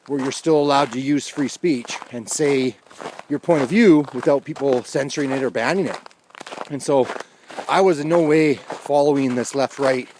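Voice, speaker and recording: A man's voice: mid-range voice, background noise. A man vlogging outdoors in a casual, rambling monologue with wry, chuckled asides.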